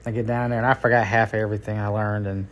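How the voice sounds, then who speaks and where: A man's voice: fairly low pitch, flat delivery, racing. A middle-aged man hosting a podcast, telling his work stories in a casual, folksy, rambling way. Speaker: podcast host and tow truck driver. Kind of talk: casual storytelling.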